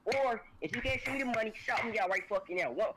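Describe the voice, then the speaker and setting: High-voiced man trash-talking over noisy chat. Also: expressive, fast talker. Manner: profane, taunting, slurred and drawn out. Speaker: online opponent on a voice call.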